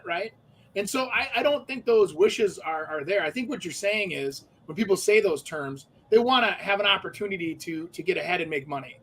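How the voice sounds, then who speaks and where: Guy with a pretty high voice, rambly radio chat, lots of um and you know. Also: fairly bright tone, a little hiss or hum. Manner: talkative, many fillers and restarts. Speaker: radio show co-host. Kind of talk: casual radio talk.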